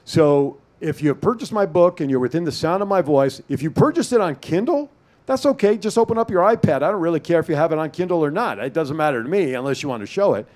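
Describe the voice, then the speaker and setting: A man's voice: on the high side, fast. A man hosting a talk show, joking with his guest and taking calls. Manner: joking, animated, takes callers. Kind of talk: casual radio talk show banter.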